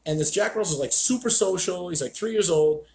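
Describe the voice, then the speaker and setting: A man hosts a live stream as a dog trainer, chatting casually and telling blunt stories with swearing and acted-out quotes. His voice sits high, brisk and creaky, with a slightly mellow quality.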